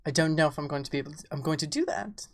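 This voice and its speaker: A woman's voice: low voice, very fast. A woman with an English accent chatting casually on a livestream, playful, greeting viewers as darling. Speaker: streamer.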